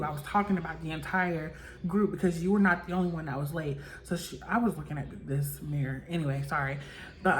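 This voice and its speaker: A woman's voice: lowish voice, slight background noise. A young woman in casual chat, recapping a reality show, talking loosely with lots of "like" and acting out what people said. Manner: chatty, full of "like" and acted-out quotes.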